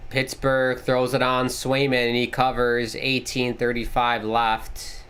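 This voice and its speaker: A young man hosts a live game watchalong, his voice smooth and resonant at a mid pitch. He chats casually between plays, then snaps into quick, rising calls when the action picks up. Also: monotone, fairly bright tone. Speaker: livestream host. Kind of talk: casual play-by-play watchalong commentary.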